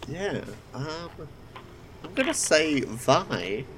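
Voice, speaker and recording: A man narrating as game master of a tabletop game, halting, with many fillers. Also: on the high side, sing-song, a bit bright, slight background noise, poor audio.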